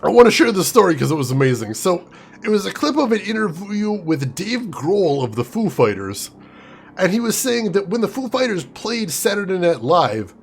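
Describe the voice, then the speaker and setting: A man hosting a casual let's-play of a video game, an excitable, animated storyteller. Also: sits high, slight background noise. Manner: animated, excitable storyteller, laughs and yelps easily. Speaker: gaming channel host.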